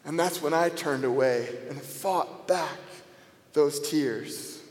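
In a large hall with lengthy reverb, a man with a high voice gives a dramatic biblical monologue in the first person. He takes his time, playing it theatrically and alternating between sarcasm and quiet, reflective passages.

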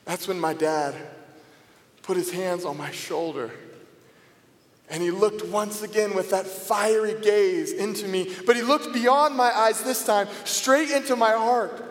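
A man with a high-pitched voice delivers a dramatic first-person biblical monologue at an unhurried pace. His manner is theatrical, moving between sarcasm and quiet reflection. The sound is roomy, with a long reverb from a large hall. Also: fairly even intonation.

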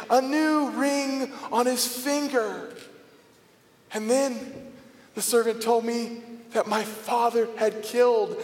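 This is a dramatic first-person monologue from the Bible, performed by a man whose voice is high-pitched. His pace is unhurried and his style theatrical, ranging from sarcasm to quiet reflection. The sound is roomy, echoing with a large hall's long reverb.

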